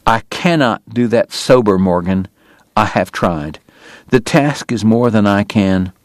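A man voicing a bitter, weary, consumptive male dentist who speaks with slow, quiet precision. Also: lowish voice, lively intonation, dry recording. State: coughing illness, strained breath.

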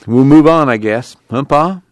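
A man's voice: unhurried, no echo, natural voice. A man voicing a restless, worn-down young man in an audiobook reading, plain-spoken and tired. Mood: weary. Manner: plain-spoken, weary, lifted above the narrator's pitch.

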